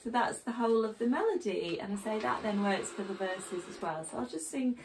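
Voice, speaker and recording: A middle-aged woman from England teaching a song in a chatty way, often pausing with ums and uhs. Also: mid-range voice, over loud music. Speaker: singing teacher. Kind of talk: casual spoken singing lesson. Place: home in a village.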